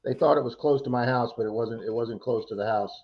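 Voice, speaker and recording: A man's voice: mid-range voice, fast talker, highs cut off. A man co-hosting a casual livestream, chatty and teasing as he reads out viewer names. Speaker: livestream co-host.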